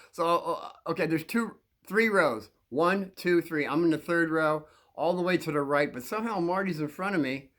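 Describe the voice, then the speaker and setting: A man's voice: a little high, a bit bright. A man telling a long story from his school days to young listeners, rambling with frequent restarts and repeated words.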